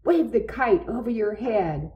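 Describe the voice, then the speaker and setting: A woman's voice: fairly high pitch, lively intonation, unhurried, warm tone, low-quality recording. A woman voicing a patient, encouraging male frog in a storybook, speaking in a coaxing, reassuring way.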